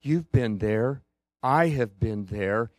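Slow earnest preacher guy, drawn-out pauses, dry close sound. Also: medium pitch, no room sound. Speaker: pastor. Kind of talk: sermon.

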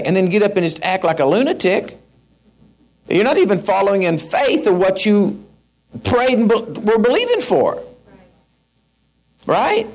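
A middle-aged man preaching a sermon in a folksy, animated way, with asides to the congregation. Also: very high-pitched, moderate pace, long pauses. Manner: folksy, animated, with asides and shouted mock-rants. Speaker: pastor.

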